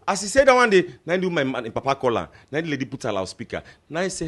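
A man's voice: a little high, sing-song, rapid-fire, hardly any pauses, a bit bright. A man from Sierra Leone with a Krio accent, telling stand-up jokes in Krio-flavored English and acting out the people in them. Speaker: comedian.

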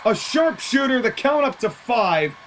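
Excitable play-by-play wrestling voice, partisan, laughs easily, mid-pitched, noisy recording. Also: unhurried. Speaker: wrestling commentator.

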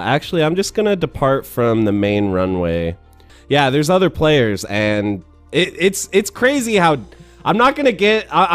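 A man hosting a gaming video, giving casual, enthusiastic commentary with rambling asides and many fillers. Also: medium pitch.

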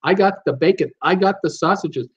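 A man's voice: high voice, a little fast. Canadian-raised guy rambling on his live stream, jokey, reads out chat, kinda muffled audio. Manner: chatty, jokey, reads out viewer comments. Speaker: live show host.

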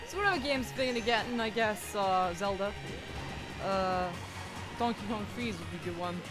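A young woman commentating a racing game casually, swearing often and yelling at other racers. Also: mid-range voice, expressive, normal speed. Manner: swears a lot, yells and wails at the game. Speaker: gaming YouTuber. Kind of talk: casual let's-play commentary. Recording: game music behind the voice.

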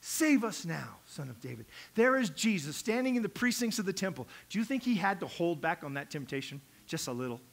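Animated high-voiced male pastor preaching. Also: quick pace, hardly any pauses. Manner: animated preaching that acts out quotes and swings from hushed to loud. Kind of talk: sermon.

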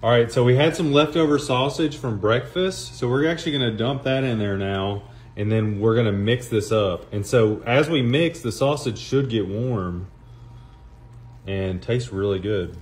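A playful man hosts a home cooking video, joking around and speaking straight to his viewers. His pitch sits in the middle of the male range. A faint clatter of pans is heard behind him. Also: moderate pace, slight background noise. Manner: playful, jokey, talks to viewers as folks. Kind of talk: casual cooking chat.

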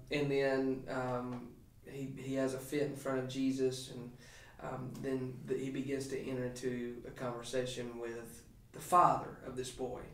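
A man, a pastor, talking through a scripture passage on a podcast in an emphatic, animated preaching way with frequent restarts. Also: medium pitch, roomy sound, distant mic. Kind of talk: podcast sermon talk.

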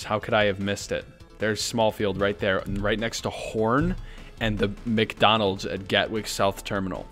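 Excitable gamer guy, lowish voice, goofy commentary, voice shoots way up when he's baffled, soft music behind. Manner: excitable, jokey, voice jumps up high when baffled. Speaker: gaming YouTuber. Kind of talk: playful gameplay commentary.

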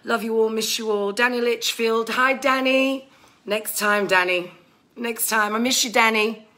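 A woman's voice: a little high, measured pace, pushed and bright. A woman hosting a casual live stream, gushing thanks to viewers with many fillers and growing emotional.

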